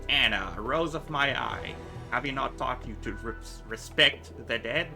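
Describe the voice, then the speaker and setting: A man voicing a sly, crippled older fixer in a video game, mock-courteous and quietly dangerous. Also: mid-range voice, a little slow, over music, close to an everyday voice.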